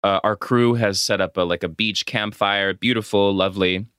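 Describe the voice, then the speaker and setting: A man co-hosting a casual podcast, recapping a film in a lively, freely swearing way. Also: on the low side, normal speed, clear, resonant tone, no echo, clean studio sound. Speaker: podcast co-host.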